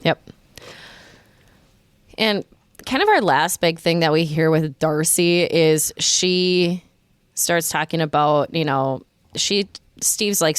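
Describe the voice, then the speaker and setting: A woman's voice: sits low, slow pace, pauses often, smooth, no echo. A woman from Minnesota co-hosting a podcast, chatting casually and acting out quoted lines as she recaps an episode. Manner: animated, slips into quoted voices. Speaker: podcast co-host.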